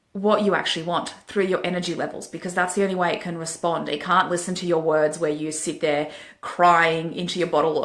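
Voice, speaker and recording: Frank Australian woman, low voice, echoey room. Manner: frank, lively, laughs at herself. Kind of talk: casual spiritual advice vlog.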